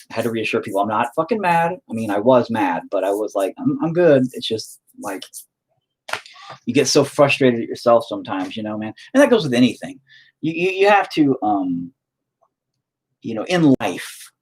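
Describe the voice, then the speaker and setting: A man's voice: fairly low pitch, slightly rough. A man chatting casually while he paints, rambling, swearing often and talking to himself. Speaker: painting streamer.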